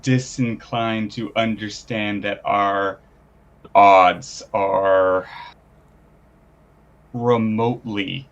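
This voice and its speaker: Low gravelly guy at the game table, talks slow and formal. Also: steady tone, lo-fi sound. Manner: measured, formal, halting. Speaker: player. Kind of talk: live-play tabletop game.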